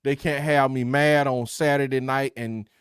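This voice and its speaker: A man's voice: mid-range voice, fairly even intonation, normal speed, smooth, no echo, clean studio sound. A man co-hosting a casual sports debate, laid-back and teasing. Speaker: co-host, Auburn fan.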